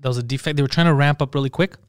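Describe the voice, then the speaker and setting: Fast-talking animated male podcast host. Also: medium pitch, clear, resonant tone, no echo, studio quality. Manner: animated, swears a lot, acts out quotes. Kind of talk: casual storytelling chat.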